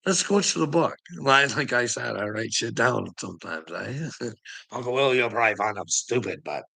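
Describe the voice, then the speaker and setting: A middle-aged man talks to his livestream viewers in a loose, rambling monologue. His voice is gravelly and forceful, with lots of swearing and frequent laughter between thoughts. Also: medium pitch, lively intonation, moderate pace, poor audio. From Canada. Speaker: livestreamer talking to chat.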